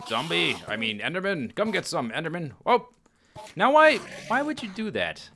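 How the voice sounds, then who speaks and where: A man giving chatty, casual commentary over his own gameplay, often exclaiming and chuckling as he plays. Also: mid-range voice. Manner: chatty, animated, exclaims and laughs at the game. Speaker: Let's Play host.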